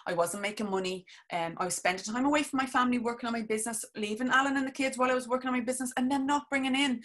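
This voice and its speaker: A woman's voice: fairly high pitch, a bit bright. A woman, a business coach, chatting casually and eagerly to viewers on a live stream, rambling with restarts and frequent laughs.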